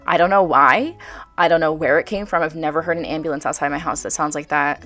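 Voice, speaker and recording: Young woman, low-pitched voice, chatty and bubbly, soft music behind. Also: fairly even intonation, fast talker. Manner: chatty, bubbly, filler-heavy with frequent "like". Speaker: video game vlogger. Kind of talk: casual voice-over commentary.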